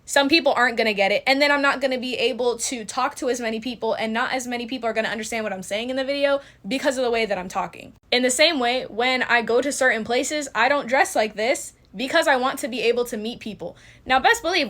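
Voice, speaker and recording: A young woman with a fairly high voice talks straight into a close camera. She is blunt and candid, and she slips slang into a casual Bible-study vlog. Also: fast, hardly any pauses, fairly bright tone. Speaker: Christian content creator.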